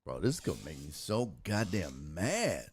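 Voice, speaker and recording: A man's voice: low-pitched, huge pitch swings, a little hiss or hum. A man hosting a live-streamed sports talk show, reading and answering viewer messages, cursing freely and laughing in between. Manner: profane, exasperated, quick to laugh.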